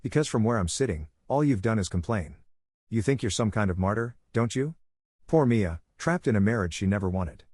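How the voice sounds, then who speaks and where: A man's voice: on the low side, expressive, a little fast, darkish tone, no echo, studio quality. Smug sarcastic husband, read by a man. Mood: scornful. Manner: sarcastic, dismissive. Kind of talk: scripted story reading.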